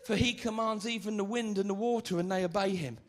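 A man preaching an animated, comic evangelistic sermon at a church meeting, acting out the stories he tells. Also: high voice, fairly quick. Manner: animated, comic storytelling with acted-out voices.

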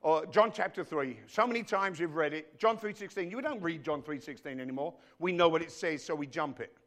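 A man preaching a sermon in church as the pastor, emphatic, dropping to a hush and rising to loud, speaking straight to his congregation. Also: on the high side, brisk. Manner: emphatic, swinging between hushed and loud; addresses the congregation directly.

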